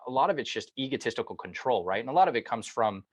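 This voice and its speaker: A man's voice: medium pitch, lively intonation, quick pace, husky, no echo. A man hosting a podcast, speaking emphatically and with strong opinions in a casual conversation. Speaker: podcast host.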